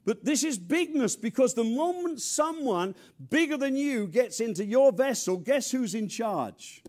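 An older man with an English accent, from near London, delivers a sermon in a high, lively voice. He preaches with humor and bursts of loud emphasis, then drops into low, quiet asides. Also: unhurried. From England. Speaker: pastor.

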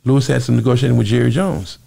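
A man who is a former singer, telling lively stories in an interview and acting out the voices of other people in them. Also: gravelly, breathy edge. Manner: quick, lively storytelling, acting out quoted voices with big jumps in pitch. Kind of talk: animated storytelling interview.

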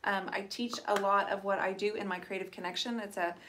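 A woman's voice: mid-range voice, fairly even intonation, fairly quick, a bit bright, a little hiss or hum. A middle-aged woman hosting a live painting stream, chatting casually and answering viewers. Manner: chatty, rambling, reads out viewer comments. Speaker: host of a live painting show.

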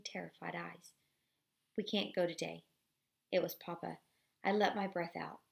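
A woman reads a children's novel aloud in a steady, expressive way, her voice carrying a gravelly, creaky texture. She sits at middle pitch and sounds like a teacher reading to a class. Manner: steady, expressive reading with brief apologies for slips.

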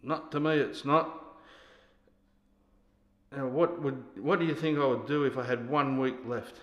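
An actor playing a drunk, bullying older army sergeant who barks insults and orders. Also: male voice, mid-range voice, fairly even intonation, a little slow, dull audio, lightly acted. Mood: commanding. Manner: barking, insulting, commanding. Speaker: actor in a scene. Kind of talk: stage scene acting. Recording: echoey hall.

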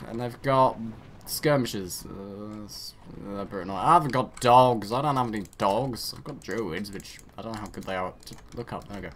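A man's voice: lowish voice, normal speed, fairly bright tone, slight background noise. Rambling man narrating a strategy game. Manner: rambling, self-mocking, talks to his units. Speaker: gaming channel host. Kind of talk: let's play commentary.

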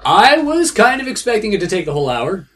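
A man's voice: sits high, brisk. A man casually coaching a friend through a video game, talkative and full of restarts. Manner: animated, chatty, with frequent restarts. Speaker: guide coaching the player. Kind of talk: casual let's-play banter. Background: game music.

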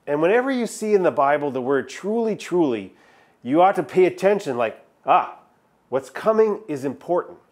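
A man's voice: a little high, very animated, moderate pace. A male pastor giving a sermon in a conversational style, stressing key words with emphatic repetition. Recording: filmed sermon video.

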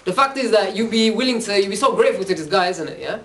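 A man's voice: sits high, lively intonation, quick pace, fairly bright tone. A young man giving a casual religious talk, chatty, often checking in with "yeah?". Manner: chatty, keeps asking "yeah?". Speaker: Islamic preacher. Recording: voice from far off the mic.

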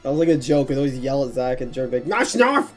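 A young man streaming a video game with friends, goofy and animated, chatting casually and laughing often. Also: mid-range voice, rapid-fire, soft background music. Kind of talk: casual gaming stream chat.

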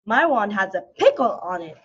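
Brief: a show-off storybook magic chicken, as a woman reading aloud puts it on, loud and bragging, dull lo-fi sound. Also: medium pitch, very animated, moderate pace, husky.

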